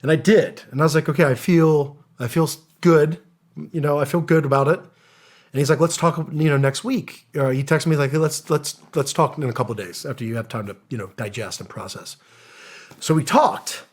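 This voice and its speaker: On a podcast, a middle-aged man who served in special operations recounts his experiences earnestly yet casually, slipping into slang and performing quoted dialogue. He speaks at a normal speed in a voice on the high side.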